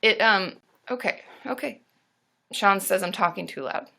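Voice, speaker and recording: A woman's voice: medium pitch, a little slow, gravelly, bright, forceful tone. A woman therapist hosting a casual livestream from home, bubbly and chatty, greeting viewers with squealed cheers and casual swearing.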